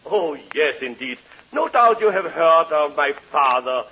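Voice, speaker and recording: An actor with a Danish accent playing a stiff, formal opera singer in a 1940s radio comedy, delivering his jokes deadpan. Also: fairly high pitch, unhurried, a little hiss or hum, exaggerated voice. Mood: pompous. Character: pompous foreign opera singer, man. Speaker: guest singer in a sketch. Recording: muffled old radio broadcast.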